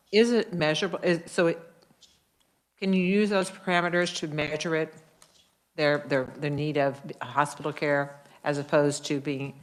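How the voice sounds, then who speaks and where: A woman serving as a state senator, asking questions at a committee hearing in a halting, rambling way with many restarts. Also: low voice.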